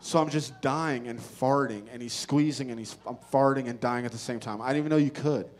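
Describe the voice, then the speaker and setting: A man doing stand-up, telling a story with profane, animated delivery that swings between loud outbursts and low muttered asides. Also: fairly quick. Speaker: stand-up comedian. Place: comedy stage before a live audience.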